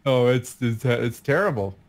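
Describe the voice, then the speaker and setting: A man's voice: mid-range voice, expressive, normal speed. A man in his fifties co-hosting a live stream, chatty and self-deprecating, often trailing off and laughing. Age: 50s. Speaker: guest co-host. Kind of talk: casual live-stream chat.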